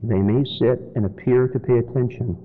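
A man preaching a sermon in church, swinging from loud, high exhortation to low, quiet warning. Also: steady tone, moderate pace. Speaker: pastor. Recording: dull lo-fi sermon recording with faint noise.

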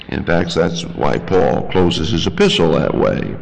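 A man preaching a sermon with emphatic delivery, climbing into high-pitched outbursts. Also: lively intonation, unhurried, creaky, hardly any pauses. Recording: long hall reverb.

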